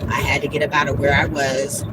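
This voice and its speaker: A woman's voice: rumbling low, little pitch movement, fairly quick, very noisy. A woman, blunt and talking about herself by name in a casual livestream monologue. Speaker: vlogger.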